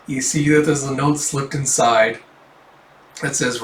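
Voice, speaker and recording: A man's voice: mid-range voice, steady tone, normal speed, a little hiss or hum. A man casually reading a comic aloud and adding offhand commentary, with frequent swearing and fillers. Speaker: comic readthrough host. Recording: roomy, distant mic, faint ambience.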